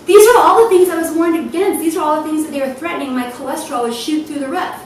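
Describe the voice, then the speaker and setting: A woman's voice: high voice, racing, darkish tone. Emotional woman in an echoey hall. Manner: emotional, laughing through tears. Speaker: speaker at a health event. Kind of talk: personal testimony talk. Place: event hall. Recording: distant, echoey hall with noise.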